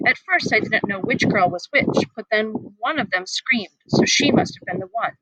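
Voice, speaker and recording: A woman's voice: mid-range voice, lively intonation, normal speed, pushed and bright, husky, no room sound, low-quality recording. Lady reading as a mopey troubled schoolboy, hesitant, kinda plaintive, storybook. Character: troubled young schoolboy, shy and gloomy.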